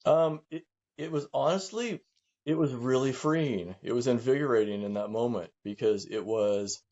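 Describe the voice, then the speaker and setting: A middle-aged man speaking candidly as a guest, halting and reflective, often repeating words as he works through his thoughts. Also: mid-range voice, darkish tone, dull audio. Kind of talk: candid conversation.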